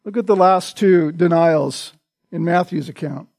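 High-voiced preacher, man, dry sound. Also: measured pace, a little mellow, no echo. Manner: conversational, often adds a questioning "right?". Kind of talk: sermon, expository Bible teaching.

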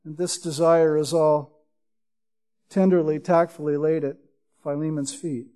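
A man with a notably high voice teaches through a Bible passage verse by verse. He explains word meanings patiently and leans on the scripture quotes for emphasis. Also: little pitch movement, measured pace, warm tone. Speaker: preacher.

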